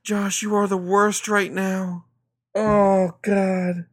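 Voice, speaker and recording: A man's voice: high-pitched, little pitch movement, slow, no room sound, clean studio sound. A man co-hosting a podcast in casual chat, blunt and argumentative. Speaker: podcast co-host.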